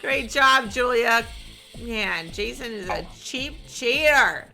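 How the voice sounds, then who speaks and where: A woman doing excited, animated play-by-play commentary on a wrestling match, cheering and yelling at the action. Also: a little high, slow pace, vocal fry, soft background music. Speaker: host and commentator.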